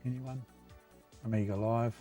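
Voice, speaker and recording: A man's voice: mid-range voice, fairly even intonation, a little slow, dark tone, soft background music. A man with a New Zealand accent hosting a livestream, chatting to viewers in an easygoing, rambling way. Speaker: livestream host. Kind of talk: casual livestream chat.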